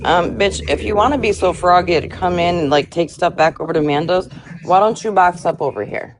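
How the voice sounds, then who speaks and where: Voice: mid-range voice, brisk, slight background noise. A person on a livestream, chiming in casually with blunt, bossy asides. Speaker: livestream co-participant.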